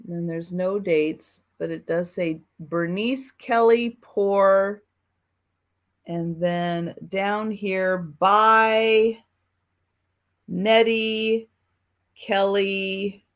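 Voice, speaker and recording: A woman hosting a live online sale of old photos, talking in an unhurried, gentle and kind way. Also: medium pitch, steady tone. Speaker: host and seller of old photos.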